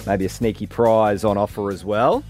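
Playful radio host. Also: male voice, lowish voice, a little mellow, soft background music. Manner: brisk, playful game-show patter. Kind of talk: radio comedy segment. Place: radio studio.

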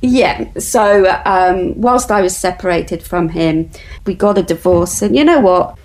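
A woman's voice: on the low side, lively intonation, unhurried, a little mellow, rough recording. A woman guest earnestly telling a personal story in a conversation.

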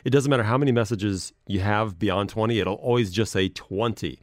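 On a clean, dry studio recording, a podcast host speaks in a lowish voice at a slightly fast clip. He rambles casually and pokes fun at himself while reading messages aloud.

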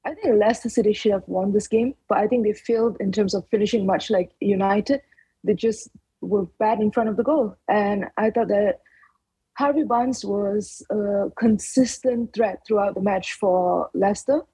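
A woman on a football panel, giving even, thoughtful analysis of a match. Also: medium pitch, moderate pace, husky, dry recording, rough recording.

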